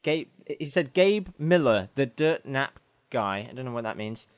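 A man hosting a casual podcast, joking and animated, often restarting his sentences. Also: medium pitch, moderate pace. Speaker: podcast host.

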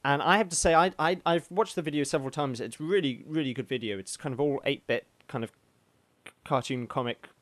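Male podcast co-host, raised pitch, deadpan humour, dry close sound. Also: fairly quick, no echo. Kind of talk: casual chat.

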